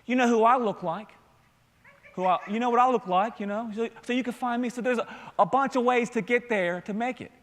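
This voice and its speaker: Earnest pastor preaching in a reverberant sanctuary. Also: male voice, very high-pitched, fairly quick. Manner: conversational, earnest, with many restarts. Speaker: campus pastor. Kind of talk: sermon. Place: church sanctuary. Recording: long hall reverb.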